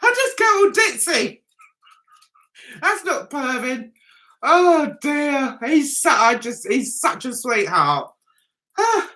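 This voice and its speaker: A middle-aged British woman chats with her viewers on a live stream, reading out their comments and giggling at herself often. Her voice is bright and fairly high. It swoops up and down a lot while she talks at an easy, unhurried pace. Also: sing-song. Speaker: vlogger hosting a live chat.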